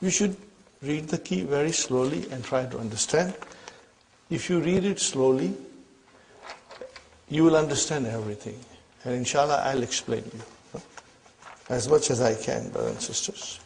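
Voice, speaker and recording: A man's voice: medium pitch, normal speed, gravelly, pauses often, a little mellow, slight background noise. A man teaching an Arabic grammar lesson. He explains step by step, repeats his questions and often checks "are you with me?".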